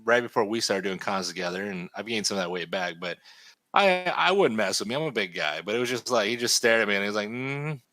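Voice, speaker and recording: A man telling a story in a casual chat while he draws, animated and swearing freely. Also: lowish voice, quick pace, no echo. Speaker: artist and stream host.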